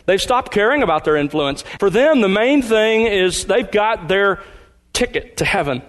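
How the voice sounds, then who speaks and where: A man delivering a sermon in a fairly high voice. He preaches with emphasis, slowing down and stressing key words as he explains a passage. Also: expressive, fairly bright tone. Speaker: pastor.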